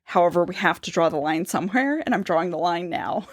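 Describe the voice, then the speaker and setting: A woman co-hosting a book podcast, reading quotes aloud and mulling over questions in a casual analytic chat. Her pitch moves lively and expressively up and down. The sound is dry and close, with no room echo. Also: quick pace.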